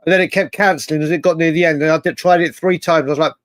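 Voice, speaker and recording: A man's voice: fairly high pitch, steady tone, racing, fairly bright tone, no echo, clean studio sound. A man co-hosting a casual football chat show, rambling with lots of restarts and the odd swear word. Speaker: podcast co-host.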